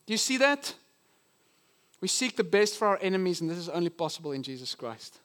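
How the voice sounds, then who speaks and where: A male pastor preaching a sermon in an earnest, teaching manner, often slowing down to stress a point. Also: sits high, big pitch swings, fairly bright tone. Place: church.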